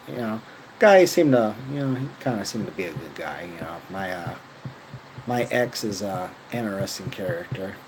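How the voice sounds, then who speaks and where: Young dude rambling, swears a lot, lowish voice, faint ac hum behind. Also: male voice, a little mellow, low-quality recording. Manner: casual, profane, filler-heavy slang. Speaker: vlogger. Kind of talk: rambling personal story.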